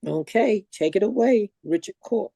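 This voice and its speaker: Warm-toned woman emceeing comedy acts. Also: mid-range voice, animated, normal speed, gravelly, slightly rough. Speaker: show host.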